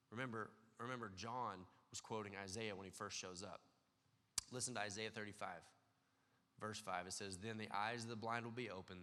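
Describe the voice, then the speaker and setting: A male pastor preaching a sermon, earnest, dropping to a hush and then rising loud and excited. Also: lowish voice. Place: church sanctuary. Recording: church hall with long reverb.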